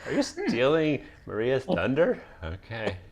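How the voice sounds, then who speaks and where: A man's voice: medium pitch, wildly swooping pitch, unhurried, darkish tone. A man hosting a casual chat show, telling a long story with lots of laughs and restarts. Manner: rambling storyteller, laughs often. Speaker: podcast host.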